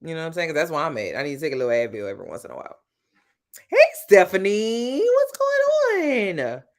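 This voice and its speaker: A woman's voice: extremely low pitch, expressive, rapid-fire. A woman with a New Orleans accent chatting casually with her livestream viewers, talkative and blunt, calling people "child" and "baby". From New Orleans, USA. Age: adult with grown-up sons. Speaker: livestream host.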